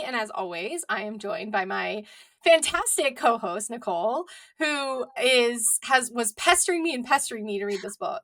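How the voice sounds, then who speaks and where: A woman's voice: on the high side, sharp tone. A woman hosting a book podcast, chatting casually and animatedly with her co-host. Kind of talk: casual chat.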